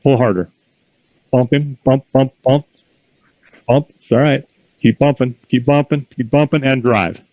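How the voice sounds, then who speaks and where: Calm folksy man coaching outdoors. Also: medium pitch, measured pace, long pauses, no echo, phone-quality sound. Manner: calm, encouraging, folksy storytelling. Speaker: horse driving instructor. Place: outdoor horse corral.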